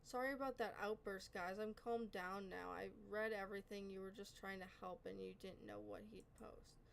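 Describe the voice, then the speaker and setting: A woman's voice: medium pitch, steady tone, moderate pace, vocal fry, slight background noise, rough recording. A woman hosting a reaction video, chatting casually and often apologizing and correcting herself as she reads on-screen text aloud. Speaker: reaction channel host.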